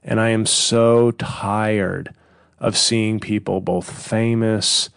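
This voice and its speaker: Brief: sardonic comedian host, gravelly mid voice, dry close mic. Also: male voice, lowish voice, steady tone, slow pace, no room sound. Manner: rambling, profane, sardonic. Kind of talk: casual solo podcast monologue.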